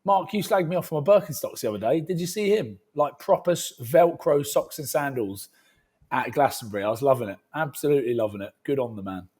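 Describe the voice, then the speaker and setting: A man's voice: medium pitch, lively intonation, brisk, a little mellow, slightly rough. A man co-hosting a rugby podcast, telling joking stories in casual banter. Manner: joking, banter-heavy storytelling. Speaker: podcast co-host. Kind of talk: casual chat.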